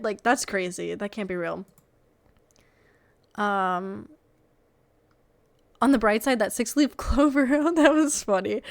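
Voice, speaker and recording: A young woman streamer reading online posts aloud and reacting casually, incredulous, laughing often and swearing freely. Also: medium pitch.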